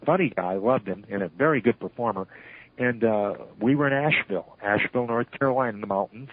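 An older man, a retired wrestling referee, telling animated stories in an interview and acting out the lines he quotes. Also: medium pitch, fast, breathy edge, no room sound. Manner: animated storyteller who acts out shouted quotes. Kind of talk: storytelling interview. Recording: tinny phone line.

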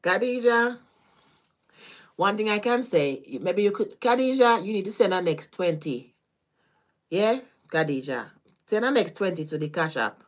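A woman with a Caribbean patois accent, a tarot reader chatting casually with her live-stream viewers, animated, laughing and swearing freely. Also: mid-range voice, unhurried, long pauses. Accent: Caribbean, Jamaican-style patois.

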